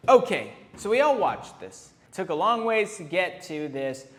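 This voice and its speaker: A man's voice: high voice, sing-song, a little slow, fairly bright tone. A man who is a tattoo artist, hosting a casual reaction commentary in a blunt, rambling and profane manner. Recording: roomy echo with long reverb, faint hiss.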